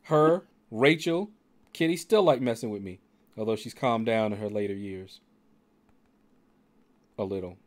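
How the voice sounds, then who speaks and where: A man's voice: on the low side, unhurried, long pauses. A middle-aged man hosting a game stream and chatting casually, laid-back and dryly joking. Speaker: streamer hosting a gaming channel.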